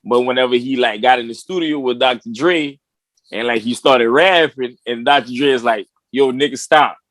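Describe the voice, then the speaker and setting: A man's voice: mid-range voice, normal speed, a bit bright, no room sound, low-quality recording. A man hosting a podcast, talking profanely and loosely, retelling stories and laughing with his guest. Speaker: podcast host. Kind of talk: casual chat.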